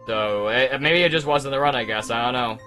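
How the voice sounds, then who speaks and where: A man's voice: medium pitch, brisk, pushed and bright, soft background music. A young man streaming a speedrun, talking in a frustrated, rambling way and swearing as he goes over his mistakes. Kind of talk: casual live-stream commentary.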